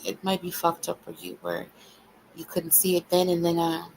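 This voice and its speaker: Woman streamer, confrontational profane monologue, a vocal-fry edge to her voice. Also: on the low side, little pitch movement, moderate pace, a little mellow, slight background noise, poor audio. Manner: repetitive, taunting cadence. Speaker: livestream host. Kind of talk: ranting livestream monologue.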